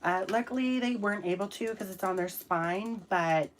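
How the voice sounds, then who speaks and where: A woman's voice: mid-range voice, normal speed, noisy background. A young adult woman hosting a casual livestream, chatting about her cats and thanking viewers by name, with casual swearing. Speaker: livestream host.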